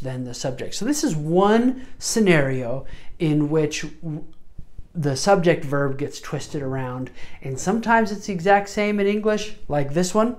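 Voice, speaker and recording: A woman's voice: low-pitched, darkish tone. A woman teaching medical Spanish word order, mixing Spanish words into her English and often checking in with "okay?".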